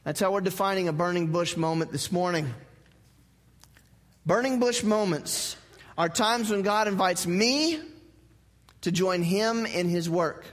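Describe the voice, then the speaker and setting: A man's voice: sits high, measured pace, pauses often, in a large hall. A male pastor preaching a sermon in a church, conversational and joking, repeating his key phrases. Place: church sanctuary.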